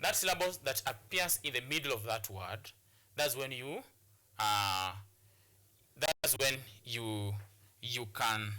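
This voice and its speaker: Bright-voiced teacher man, repeating himself. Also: medium pitch, slow, slight background noise. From Kenya. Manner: repeats phrases, stop-start explaining. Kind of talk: classroom lesson on TV.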